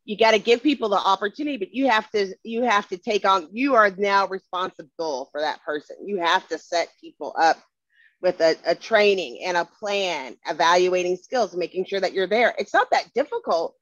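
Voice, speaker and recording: A woman's voice: mid-range voice, moderate pace, fairly bright tone, no echo. A woman talks in a middle-range voice, earnest and emphatic as she makes her points. Her voice sounds close and dry. The sound is dull and lo-fi. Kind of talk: casual conversation.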